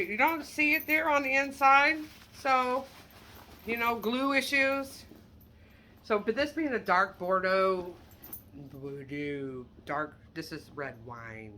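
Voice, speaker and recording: A woman's voice: mid-range voice, bright, forceful tone, slight background noise. A woman chatting casually and candidly as she shows handbags for sale, with self-deprecating asides. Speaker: online handbag reseller. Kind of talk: casual product showcase vlog.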